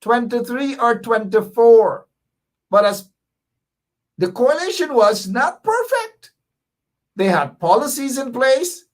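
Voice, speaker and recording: A man with a Guyanese accent hosting a political radio talk show, emphatic, often tagging "right?" and swinging between loud high bursts and low asides. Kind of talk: political call-in commentary.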